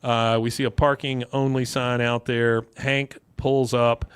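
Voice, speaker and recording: A man's voice: mid-range voice, flat delivery, unhurried, clear, resonant tone, no echo. Rambling male podcast host, dry sound. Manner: rambling, with many fillers. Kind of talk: casual chat, recapping an episode.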